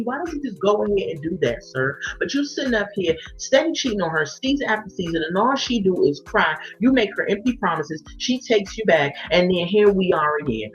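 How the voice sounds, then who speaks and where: A woman's voice: mid-range voice, very animated, normal speed, hardly any pauses. A woman giving a blunt, exasperated recap of a reality show, acting out the people she quotes. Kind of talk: opinionated casual recap. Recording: dull lo-fi sound with faint music.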